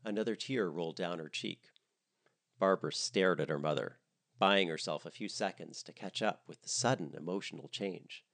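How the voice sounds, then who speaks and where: A man narrating a comedic story in an expressive, animated reading style. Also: low-pitched, moderate pace, creaky.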